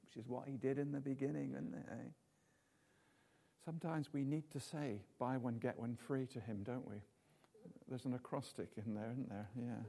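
A man's voice: mid-range voice, steady tone, normal speed, creaky, warm tone. A man preaching an informal sermon in a chatty, jokey way, full of tag questions.

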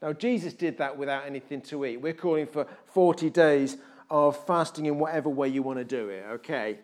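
A man's voice: a little high, a little fast. A man preaching a sermon and giving church announcements in a conversational, jokey way. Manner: conversational, jokey asides, animated shifts in volume. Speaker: pastor. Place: church hall.

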